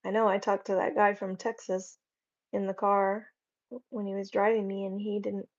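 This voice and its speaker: A woman's voice: medium pitch, little pitch movement, normal speed, muffled recording. A woman hosting a casual livestream, chatting and reading viewer comments in a rambling, friendly way. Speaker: livestream host. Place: home.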